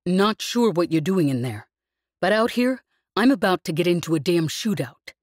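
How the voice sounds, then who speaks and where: Woman narrator playing a wary man co-pilot in an audiobook, dry and tense, speaking through clenched teeth, slow and measured. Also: fairly low pitch, expressive, darkish tone, no echo. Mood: wry.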